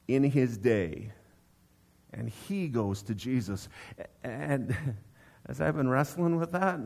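A man's voice: mid-range voice, darkish tone. A male pastor delivering a sermon in an easy conversational style, often turning to his listeners with rhetorical questions. His voice sits in a plain mid range for a man. He varies his delivery as he builds a point.

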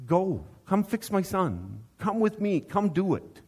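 A man's voice: high voice, big pitch swings, slow, darkish tone, husky, voice pushed up, full character voice. A preacher acting out a desperate pleading father. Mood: urgent. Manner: begging, urgent. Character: desperate father pleading for his sick son.

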